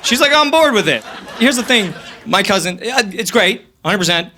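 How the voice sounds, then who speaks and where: Young man, twenties, high animated voice, loose profane rambling, stand-up on stage, handheld mic, audible crowd noise. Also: normal speed. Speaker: stand-up comedian. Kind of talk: stand-up comedy. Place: comedy stage before a live audience.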